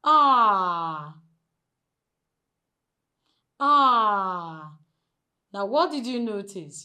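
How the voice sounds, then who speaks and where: A woman with a Nigerian English accent teaching a phonics lesson, drilling sounds slowly and asking the class to repeat after her. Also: medium pitch. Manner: slow, deliberate drilling, stretching model sounds loudly.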